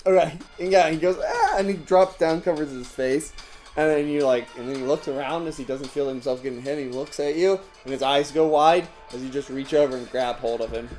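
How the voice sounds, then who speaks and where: A man narrating a tabletop game as game master, his voice a touch high. He tells the action with energy and laughs often. Faint music sits behind him. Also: brisk. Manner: animated, laughs often, acts out villains in yelps.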